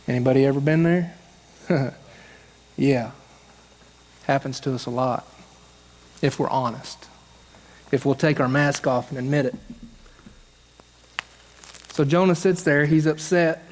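A man's voice: high voice, moderate pace, pauses often, big-room sound. A male pastor preaching a sermon on stage, telling stories and acting out the voices of the people in them. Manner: storytelling, acts out quoted voices. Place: church stage.

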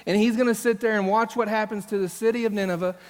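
Man, pastor, sermon, storytelling, high voice, long hall reverb. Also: steady tone, quick pace. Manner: storytelling, acts out quoted voices. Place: church stage.

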